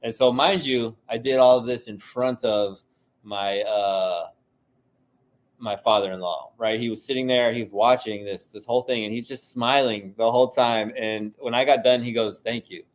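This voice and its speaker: A man of ordinary pitch vents alone on his podcast. He swears constantly and strings his thoughts together with "like" and "you know". His heated rant keeps looping back on itself. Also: steady tone, normal speed. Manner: heated, profane ranting with many fillers. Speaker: solo podcast host. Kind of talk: casual monologue.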